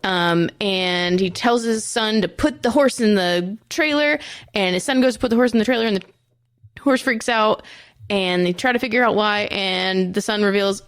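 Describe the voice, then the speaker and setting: A woman's voice: medium pitch, normal speed, clear, resonant tone, no echo, clean studio sound. A woman co-hosting a podcast, recapping a TV episode in a chatty, profane and self-mocking way. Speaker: podcast co-host.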